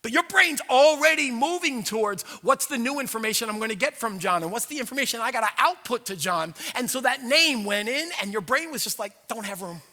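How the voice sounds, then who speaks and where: A man preaching a sermon as pastor, conversational and animated, acting out inner voices. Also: very high-pitched, a little fast, few pauses. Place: church sanctuary. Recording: long hall reverb.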